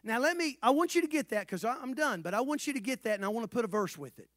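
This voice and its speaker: A pastor with a strikingly high voice preaches to his church, rising to shouts and then dropping to hushed asides. He keeps asking the room questions and calling for answers back. The sound is close and dry, with almost no room echo. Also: expressive, fast. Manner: swings from shouted exhortation to soft, low asides; asks the congregation questions, calls for responses. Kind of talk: sermon. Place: church sanctuary.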